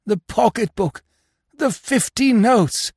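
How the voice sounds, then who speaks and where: Despairing, bewildered husband in a storybook, moaning, pitched higher than the reader's normal voice, as a male narrator puts him on. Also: very animated, normal speed, slightly rough, no room sound, studio quality. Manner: moaning, stammering.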